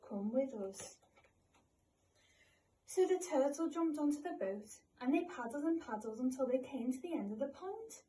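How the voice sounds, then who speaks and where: A woman reading a children's picture book aloud as a storyteller, in an expressive reading voice. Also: sits high, fairly quick, few pauses, distant mic, a little hiss or hum, rough recording.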